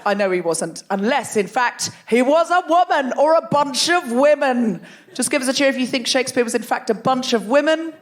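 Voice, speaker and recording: A woman's voice: high-pitched, animated, brisk. A woman hosting a live comedy podcast on a theatre stage, bubbly and teasing, laughing as she banters with guests. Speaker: host.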